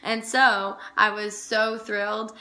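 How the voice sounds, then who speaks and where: A woman's voice: medium pitch, level tone, slow, bright, forceful tone. A young woman chatting casually on a vlog, gushing with lots of "like" fillers. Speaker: vlogger. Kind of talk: casual chat.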